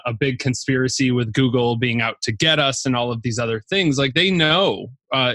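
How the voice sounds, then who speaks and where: A man's voice: mid-range voice, a bit bright, dry recording. Enthusiastic male guest with a dry sound. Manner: enthusiastic, explains at length with asides. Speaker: podcast guest, search expert. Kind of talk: conversational explanation.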